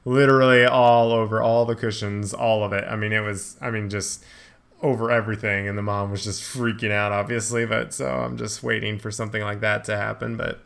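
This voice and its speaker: A man's voice: fairly low pitch, little pitch movement, fairly quick, gravelly, a bit bright, clear, resonant tone. A man co-hosting a podcast, chatting casually and hesitantly, trailing off in asides. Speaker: podcast co-host. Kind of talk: casual chat.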